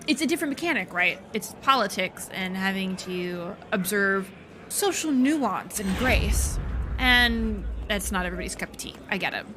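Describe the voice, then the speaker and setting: A woman's voice: mid-range voice, lively intonation, moderate pace, noisy background. A woman streaming a game, chatting casually with joking asides. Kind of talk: casual gameplay commentary.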